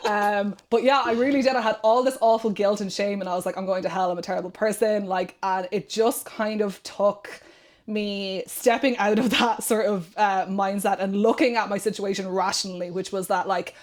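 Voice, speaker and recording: A woman's voice: medium pitch, moderate pace. This is a young woman with an Irish accent, speaking as a guest on a chat podcast. She talks in a casual, conversational way. She tells her stories with animation and slips into quoted voices as she goes. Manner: animated storytelling, quoting herself and others.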